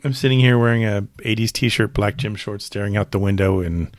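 A man's voice: lowish voice, a little fast, dry recording, studio quality. A man co-hosting a podcast at home, chatting casually in a jokey, rambling, self-deprecating way. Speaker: podcast co-host. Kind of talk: casual chat. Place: home room.

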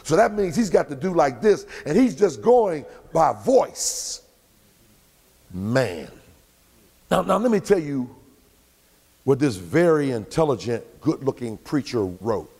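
A male pastor preaching a sermon in a church sanctuary, swinging between shouts and drawn-out words. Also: fairly high pitch, sing-song, slightly rough, big-room sound.

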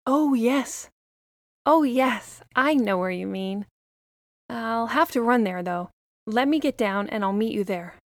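A woman's voice: on the high side, animated, unhurried, no echo. A woman voicing a worried, earnest young girl in a storybook, pleading and breathless. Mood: anxious pleading. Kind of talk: storybook voice acting.

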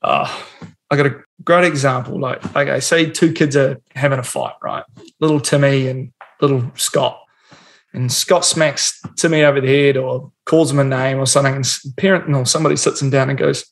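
A man in relaxed podcast chat. His voice is gravelly and sits a little high. He talks bluntly, swears freely and acts out small scenes as he goes. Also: brisk. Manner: blunt and swearing, animated storytelling. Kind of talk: casual chat.

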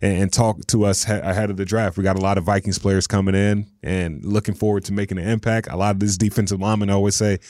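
Easygoing low-voiced male interviewer. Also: level tone, fast talker, few pauses, a little mellow, no echo, studio quality. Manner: easygoing, laughs along, short backchannels. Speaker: interview host. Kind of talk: casual interview.

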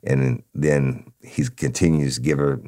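A former police officer hosting a podcast, telling a crime story in a blunt, profane, emphatic way. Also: male voice, a bass voice, fairly even intonation, unhurried, mellow. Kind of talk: casual true-crime storytelling.

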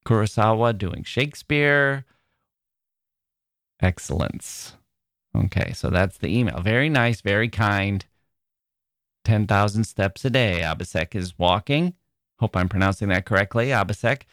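Playful, slow-talking male podcast host. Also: on the low side, lively intonation, fairly bright tone, no echo, clean studio sound. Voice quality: squirrel-like voice. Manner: playful and theatrical, often laughing at himself. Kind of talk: playful literary podcast chat.

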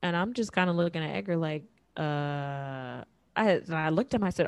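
Woman, 30s, casual storyteller; lowish pitch, dry close mic, animated quoting. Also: normal speed, clear, resonant tone, dry recording. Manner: animated, acts out quotes with big pitch jumps. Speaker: guest telling her proposal story.

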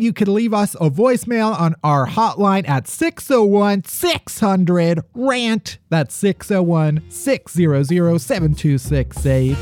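A man hosting a podcast in casual chat, joking and cursing freely. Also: high voice. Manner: joking, profane, quick asides. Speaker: podcast host.

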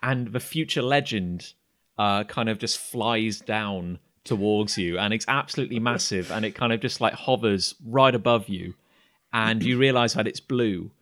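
Halting casual man running a tabletop game. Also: on the low side, a bit bright. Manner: casual, halting, many fillers. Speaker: game master.

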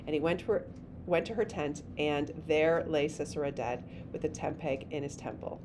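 Woman reading scripture with animated flair. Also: low-pitched, moderate pace, a little hiss or hum. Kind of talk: Bible reading and discussion.

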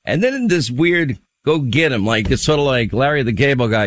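A man's voice: medium pitch, lively intonation, a little fast, fairly bright tone, no echo. A man hosting a radio talk show, giving casual commentary and laughing mockingly as he talks.

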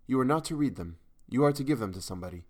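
A timid young woman of a ghost story speaks in a low, halting hush, put on by a man reading the tale. Her voice sits higher than the narrator's and carries a hopeless sadness throughout. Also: lively intonation, natural voice. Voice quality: low, hushed voice. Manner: timid and hesitant.

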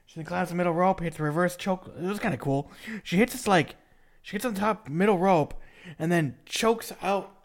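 A man hosting a casual podcast chat, rambling through a recap with laughs and restarts. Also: high-pitched. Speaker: podcast host recapping wrestling.

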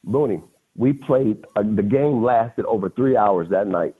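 A husky-voiced man in his fifties tells stories as a podcast guest, his pitch rising and falling as he gets worked up. He laughs and repeats phrases freely. The sound is thin and phone-like. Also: very animated, moderate pace. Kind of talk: casual storytelling. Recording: phone-like lo-fi audio.

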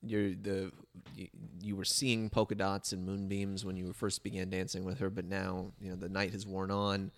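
A man's voice: low-pitched, little pitch movement, moderate pace, few pauses. A man co-hosting a casual chat, chuckling often and reading out song facts with dry humor. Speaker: podcast co-host. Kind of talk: casual chat about old records.

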